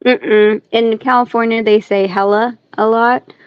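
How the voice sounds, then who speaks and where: A woman's voice: on the high side, steady tone, a little slow, clear, resonant tone, dry recording, muffled recording. A woman from the United States, a guest in a casual chat, talking bluntly and swearing as she tells stories. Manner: blunt, swears, chatty storyteller.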